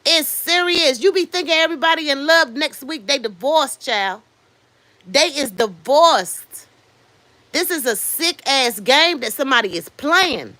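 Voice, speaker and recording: A woman in her fifties hosts a casual livestream and gives her opinions bluntly. She swears freely and stops to answer viewers. Her voice sits fairly high, and the sound is dry and close. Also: animated, moderate pace, hardly any pauses, bright, forceful tone, dry recording. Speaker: livestream host. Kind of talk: casual commentary.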